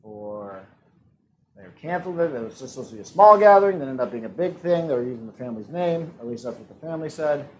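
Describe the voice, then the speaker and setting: A man's voice: medium pitch, lively intonation, quick pace, darkish tone, slight background noise, low-quality recording. A man hosting a live-streamed trivia game, reading questions and answer options in a playful, teasing way. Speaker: trivia host.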